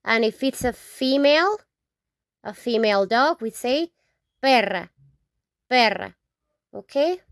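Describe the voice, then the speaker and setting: A woman from Mexico teaching vocabulary, saying each word slowly several times and checking in with "okay?". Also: sits high, expressive, dry recording, clean studio sound. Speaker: Spanish teacher. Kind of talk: slow, repetitive vocabulary lesson.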